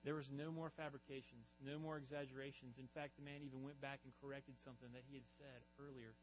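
A man's voice: medium pitch, level tone, quick pace. A man preaching a sermon as pastor, telling stories earnestly and rising in emphasis on key lines. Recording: muffled recording with faint mains hum.

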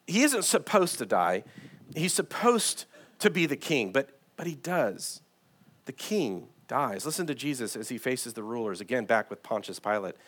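Guy preaching in church, voice jumps all over, gets loud then drops way down quiet. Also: mid-range voice, very animated, moderate pace, breathy edge. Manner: preaching with dramatic swings in loudness, reading scripture aloud. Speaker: pastor. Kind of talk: sermon. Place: church sanctuary.

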